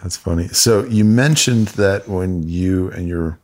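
Male interview host, very low voice, short reactions and measured questions. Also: darkish tone. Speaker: podcast host.

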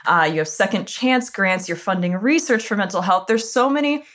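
A woman's voice: mid-range voice, lively intonation, normal speed, a bit bright. A woman hosting a casual gaming chat show, upbeat and enthusiastic as she introduces a guest. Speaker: podcast host.

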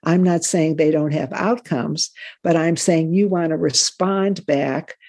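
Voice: medium pitch, steady tone, unhurried, a little mellow, breathy edge. A guest talking casually and giving explanatory parenting advice. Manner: advising, explanatory. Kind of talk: casual conversation.

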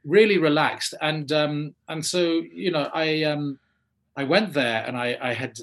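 An English man, an actor, telling a long anecdote and acting out the people he quotes in lively voices. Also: on the high side, unhurried. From England. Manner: animated, acts out quoted people in changing voices. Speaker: actor, guest. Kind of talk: anecdotal storytelling.

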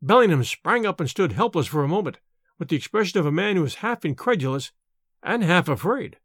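A male storyteller reading a horror tale with lively, rising and falling pitch. His voice sits high for a man. The recording is close and dry. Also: fast, breathy edge, dry recording. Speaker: narrator. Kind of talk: scripted audiobook narration.

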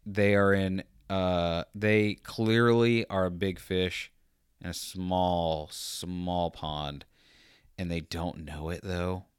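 A man hosting a podcast, telling a rambling, animated anecdote in a casual monologue and acting out the quotes as he goes. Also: low-pitched, clear, resonant tone, no echo, clean studio sound. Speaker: podcast host.

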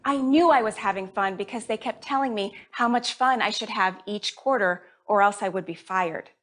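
A woman born in Jamaica hosting a comedy show, delivering a deadpan stand-up monologue. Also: medium pitch, normal speed. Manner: deadpan, dry delivery with put-on voices for family.

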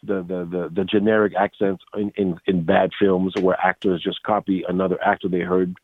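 Speaking at a normal pace in a level tone, this deep-voiced man has a breathy edge. He's a voice actor appearing as a guest in a relaxed interview, where he animatedly recounts stories, performs quotes, and frequently starts over, all on a dry, tinny line that sounds like a phone.

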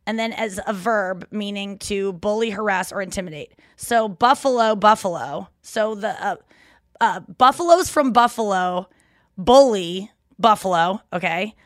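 A woman, co-hosting a podcast in casual, animated, rambling chat with frequent laughs. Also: medium pitch, measured pace, no room sound, clean studio sound. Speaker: podcast co-host.

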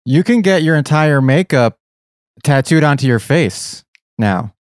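A man's voice: fairly high pitch, animated, unhurried, no room sound. A man co-hosting a podcast in casual chat, throwing in dry joking asides. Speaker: podcast co-host.

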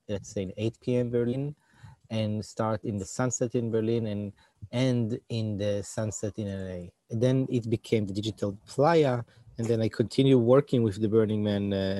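A man's voice: lowish voice, mellow, no room sound. A young man answering interview questions, often searching for words and restarting his phrases. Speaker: interview guest, digital community organizer.

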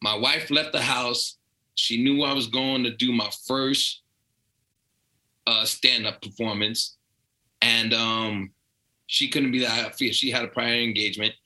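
Man, New York accent, very bright voice, animated storyteller, plays out quoted voices. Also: mid-range voice, unhurried, rough recording. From Brooklyn/Long Island, New York. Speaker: guest comedian. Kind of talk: casual storytelling.

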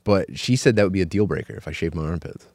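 Low-voiced man in rambling podcast banter. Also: quick pace, darkish tone, no room sound, clean studio sound. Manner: rambling, full of filler words and self-corrections. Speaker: podcast co-host. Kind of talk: casual chat.

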